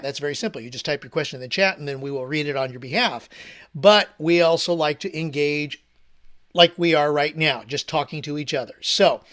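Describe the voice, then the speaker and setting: A man's voice: fairly high pitch, fairly bright tone. A man co-hosting a live video call, giving plain step-by-step instructions to the viewers. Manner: instructional, then showman build-up. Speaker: co-host introducing the speaker.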